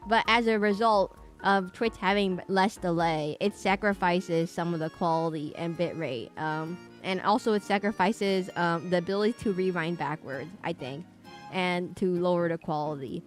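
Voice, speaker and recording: A woman's voice: fairly low pitch, moderate pace, faint music behind. A woman streaming a video game live, chatting in a rambling, playful way and now and then humming little sing-song tunes.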